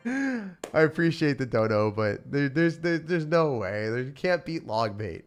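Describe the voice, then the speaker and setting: A young man giving live commentary as he plays and rates card decks, excitable, with loud outbursts and laughter. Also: on the high side, measured pace. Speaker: streamer playing and rating decks. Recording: faint music behind.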